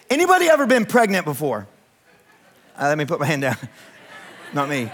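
A man's voice: fairly high pitch, big pitch swings, normal speed, long pauses, a bit bright. A man in his thirties, a pastor giving a humorous storytelling sermon, chatty and joking as he asks the congregation to raise their hands. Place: church sanctuary with congregation.

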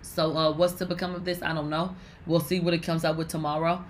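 A woman's voice: low-pitched, flat delivery, fairly quick, a little hiss or hum. A woman hosting gossip commentary, talking bluntly with exclamations and casual cursing.

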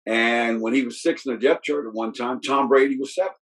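Husky-voiced middle-aged man telling stories. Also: mid-range voice, brisk, rough recording. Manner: rambling, with many restarts and fillers. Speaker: football coach as guest. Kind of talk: casual storytelling chat.

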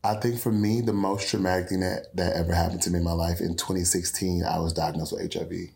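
A man's voice: low-pitched, level tone, quick pace, vocal fry, darkish tone, slight background noise. A young man from Houston, earnestly telling his personal story as an interview guest. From Houston, Texas. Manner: earnest, with frequent restarts and quoted dialogue.

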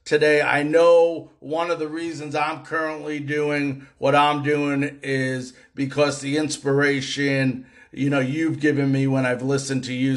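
A male sports show host, earnest and appreciative as he interviews a guest. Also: mid-range voice.

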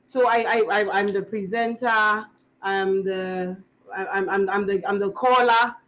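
Una mujer joven con acento inglés de Ghana que conversa de forma informal como invitada en una entrevista y cuenta anécdotas de manera animada, imitando voces. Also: female voice, medium pitch, a little slow, low-quality recording. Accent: Ghanaian English. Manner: animated, acts out voices while telling stories. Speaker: guest storyteller, actress. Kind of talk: casual interview chat.

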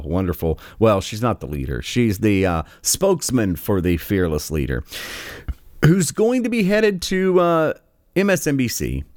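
A man's voice: on the low side, dry recording, studio quality. A man hosting a political commentary show, ranting in a sarcastic, scornful way with many fillers.

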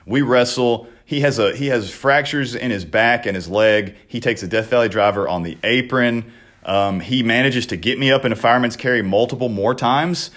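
Man, lower pitch, casual podcast chat, swears freely, animated storytelling. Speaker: podcast co-host and wrestler.

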